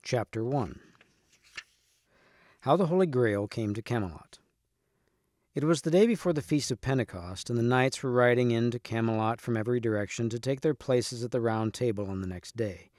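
A man reads a storybook chapter aloud in a steady, clear voice at an ordinary pitch. The recording is dry and close, with no room sound. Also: normal speed, no room sound. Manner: steady, clear narration with occasional restarts. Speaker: reader.

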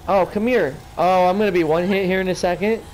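A man's voice: high voice, fairly even intonation, fairly quick, a little mellow, rough recording. A drunk man giving rambling, taunting commentary on his own gameplay. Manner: taunting, rambling, talks to the game. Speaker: gamer streaming his play.

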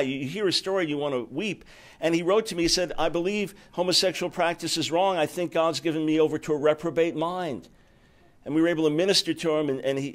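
A man giving a public lecture as a radio host, earnest and emphatic, often repeating words as he starts a phrase. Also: a little high. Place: lecture before an audience.

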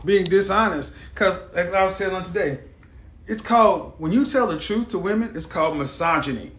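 A man hosts a live stream in a blunt, mocking, combative rant. His voice sits fairly high for a man. The sound carries the echo of a roomy space. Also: animated, moderate pace, a bit bright.

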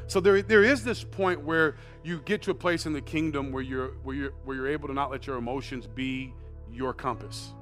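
An American man preaching a sermon as pastor, shifting from quiet conversational asides to loud shouted emphasis and often repeating words as he restarts phrases. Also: medium pitch, quick pace, faint music behind. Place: church sanctuary.

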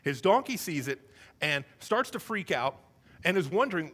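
A male pastor preaching a sermon, telling the story with animated, comic acted-out voices. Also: on the high side, moderate pace, breathy edge.

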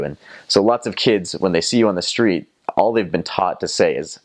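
A man's voice: deep voice, a little fast. A young man from North Carolina with a Southern American accent, telling stories in a casual, rambling way with many fillers and restarts. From North Carolina, USA. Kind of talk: casual storytelling.

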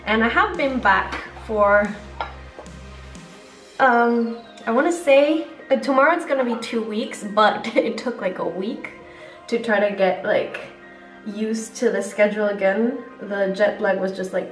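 Brief: young woman from Mexico, British English accent, rambling makeup chat with the odd swear, recorded from a little way off in an echoey room. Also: mid-range voice. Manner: rambling, chatty, self-correcting, casual swearing. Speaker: beauty vlogger. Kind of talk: casual chat while doing makeup. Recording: echoey room, mic a bit far, faint music.

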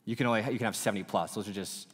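A man in his thirties preaching a sermon in a relaxed, chatty way with lots of fillers. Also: lowish voice, very fast, slightly rough. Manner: casual, animated preaching with many fillers. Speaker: pastor. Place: church auditorium. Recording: reverberant church hall.

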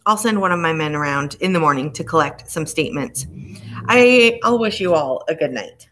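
A woman's voice: deep voice, expressive, a bit bright, a little hiss or hum. A woman voicing a grim police inspector. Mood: placating. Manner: slow, measured and grim.

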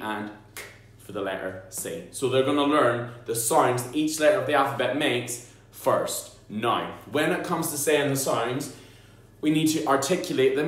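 In a very echoey room, a male primary school teacher jokes his way through a phonics explanation for parents, voicing letters and sounds out loud. His voice is medium in pitch and a bit bright.

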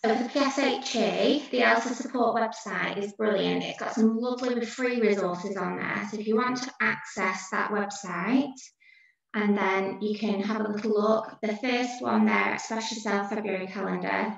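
A woman's voice: medium pitch, vocal fry. A woman teacher giving a recorded lesson to young pupils, patient and encouraging as she explains each answer step by step. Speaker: primary school teacher. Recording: distant, echoey, dull home video recording.

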